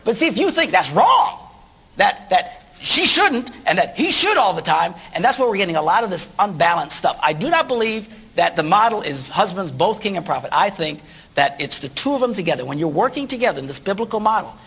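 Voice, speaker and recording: Animated man preaching on a talk show. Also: sits high, a little fast, breathy edge. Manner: animated, acts out stories in voices. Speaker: guest speaker.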